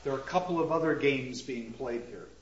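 A man giving a literature lecture, animated and theatrical, reading lines aloud with heavy emphasis. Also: mid-range voice, brisk, a little hiss or hum. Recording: echoey lecture hall, dull lo-fi sound.

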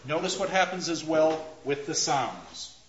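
A male lecturer with a fairly high voice speaks in a deliberate, emphatic way and slows down to stress his points. The sound is roomy and echoey, with a dull, lo-fi tone and faint background noise. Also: lively intonation. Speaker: lecturer on Shakespeare. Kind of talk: classroom lecture. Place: classroom with a marker board.

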